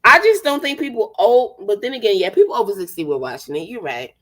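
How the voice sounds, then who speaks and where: A woman's voice: mid-range voice, very animated, fast, a bit bright, poor audio. A woman in her thirties in casual chat, sassy and teasing, calling people sweetie and baby. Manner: sassy, teasing, puts on voices. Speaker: chat partner.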